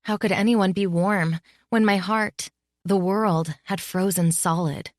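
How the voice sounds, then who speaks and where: A woman reading a novel as an audiobook narrator in a measured, close style. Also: lowish voice, no room sound. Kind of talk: scripted narration.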